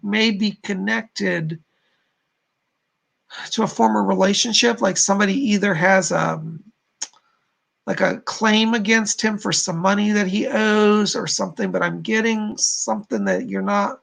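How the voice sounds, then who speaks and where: A man hosting a livestream, giving gentle, halting psychic readings and relaying messages from spirits. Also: sits high, gravelly. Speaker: psychic reader and host.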